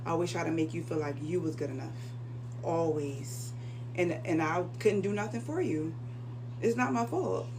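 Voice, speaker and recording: A woman's voice: on the low side, moderate pace, background noise. A young adult woman telling a personal story in a casual, emotional, conversational way.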